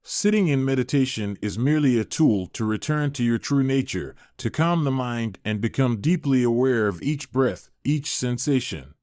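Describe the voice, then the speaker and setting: A man voicing a gentle, wise elderly monk who speaks slowly and soothingly. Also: mid-range voice, animated, dry recording, clean studio sound, close to an everyday voice. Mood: gentle teaching. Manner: slow, soothing, kindly teaching tone.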